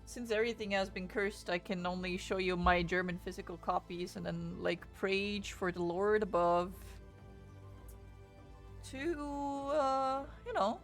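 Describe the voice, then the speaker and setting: A young woman with a gravelly, fry-laden voice runs a laid-back book stream. She chats loosely and curses often, and faint music plays underneath. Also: medium pitch, measured pace. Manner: chatty, swears freely, greets chat excitedly. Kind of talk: casual livestream chat.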